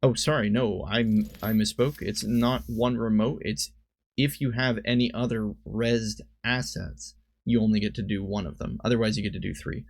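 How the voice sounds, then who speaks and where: Man, gravelly, low-pitched, casual card game commentary, corrects himself often, dry sound. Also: fairly even intonation, moderate pace, dry recording. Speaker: streamer and commentator.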